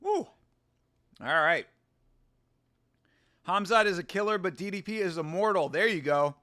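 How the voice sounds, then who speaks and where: Excitable high-voiced man hosting a watch-along. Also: measured pace. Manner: excitable, jokey. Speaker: host. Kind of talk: casual fight watch-along commentary.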